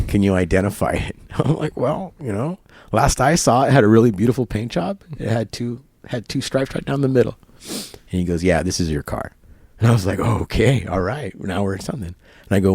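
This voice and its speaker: A man's voice: on the low side, a little mellow, husky, no room sound. A man telling a long story in casual conversation, acting out both sides of phone calls with quoted dialogue and laughter. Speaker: interview guest. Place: barber shop.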